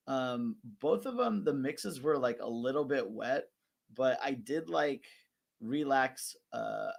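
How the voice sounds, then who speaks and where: A man's voice: fairly high pitch, creaky. A man hosting an online rap tournament recap, talking in a casual, joking and profane way.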